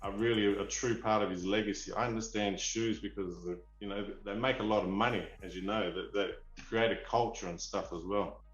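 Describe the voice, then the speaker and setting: A man's voice: fairly low pitch, steady tone, a little fast, few pauses, reverberant, muffled recording, soft background music. A man from Australia with an Australian accent, a collector telling rambling, eager stories in a casual interview. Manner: eager, rambling, restarts often. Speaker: figurine collector, guest.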